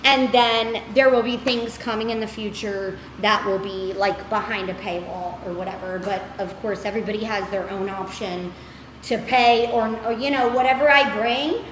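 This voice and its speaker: A woman's voice: medium pitch, moderate pace, a bit bright, a little hiss or hum. A woman, giving an upbeat, rambling motivational talk to her followers, saying "y'all" and "girl". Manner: chatty, upbeat, scattered, says "y'all" and "girl". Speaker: motivational creator. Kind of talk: casual motivational talk to camera. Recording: echoey room with faint ambience.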